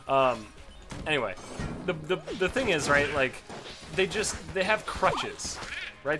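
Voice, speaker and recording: A young man ranting casually about films while commenting on a game, with lots of swearing and restarts. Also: on the high side. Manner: ranting, profane, self-interrupting. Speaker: let's play host.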